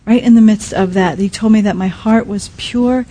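A woman preaching with a mellow, warm tone and a slightly husky edge. She speaks softly and haltingly, with restarts and fillers, and often sinks to a near-hush. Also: mid-range voice, steady tone, low-quality recording. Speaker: speaker at a Christian teaching. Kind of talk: sermon.

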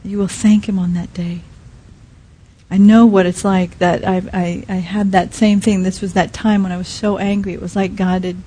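Soft-spoken woman with a husky, mellow voice. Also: mid-range voice, little pitch movement, low-quality recording. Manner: soft, halting, many restarts and fillers. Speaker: speaker at a Christian teaching. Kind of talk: sermon.

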